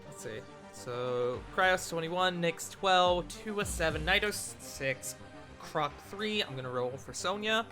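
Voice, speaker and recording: A man with a bright, fairly high voice runs a tabletop game as game master, narrating the scene in a laid-back way and laughing easily. Soft music plays behind him. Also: animated, slow. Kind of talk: running a tabletop game live.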